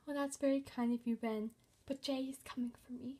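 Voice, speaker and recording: A woman's voice: high-pitched, steady tone, fairly quick, mellow. A woman doing an earnest, dramatic young princess. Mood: firm. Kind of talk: fan movie voice acting.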